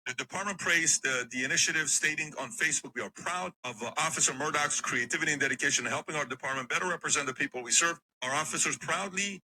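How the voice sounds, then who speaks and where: A man's voice: fairly high pitch, fast, hardly any pauses, bright, forceful tone, slight background noise, rough recording. A man hosting a podcast, reading a news item aloud with fillers and small stumbles. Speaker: podcast host.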